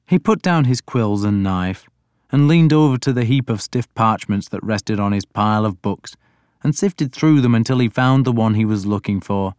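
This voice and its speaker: A man giving a deliberate, even first-person audiobook narration. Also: fairly low pitch, clean tone, no echo, studio quality.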